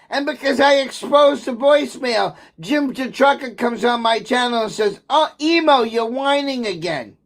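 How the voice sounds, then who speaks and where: A man's voice: very high voice, fairly bright tone. Bitter man in a profane livestream rant.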